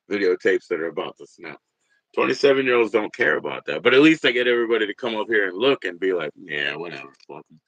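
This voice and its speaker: A man in his forties hosting a livestream, rambling and swearing, jumping from loud bursts to mutters. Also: on the low side, animated, fast talker, dry recording, muffled recording. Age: 40s. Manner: rambling, profane, swings between loud and muttered. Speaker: livestream host. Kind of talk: casual livestream rant.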